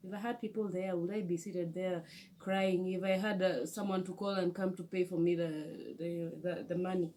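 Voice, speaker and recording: A young woman with a Kenyan accent, telling a storytime vlog in an animated, emotional way with many restarts. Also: on the low side, normal speed. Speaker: vlogger.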